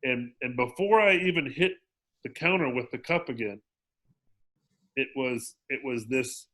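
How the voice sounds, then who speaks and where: A man guest telling his recovery story in a casual interview, animated and acting out quotes, often restarting his sentences. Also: mid-range voice, unhurried. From lived in Mexico for ten years. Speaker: podcast guest, sober living director.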